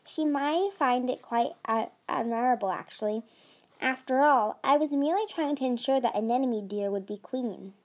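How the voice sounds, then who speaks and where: A woman's voice: sits high, normal speed. A woman voicing a smug, haughty male sea dragon with an oozy, drawling voice.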